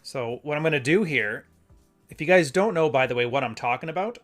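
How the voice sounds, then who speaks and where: A man's voice: fairly high pitch, expressive, fairly quick, fairly bright tone, faint music behind. Casual rambling male stream host. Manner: rambling, conversational, self-correcting. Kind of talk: casual live-stream commentary and reading.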